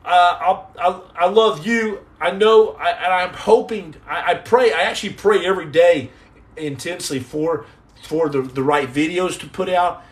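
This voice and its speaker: A middle-aged man hosting a casual live stream, jumping between jokes and shout-outs to the chat. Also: high voice, moderate pace.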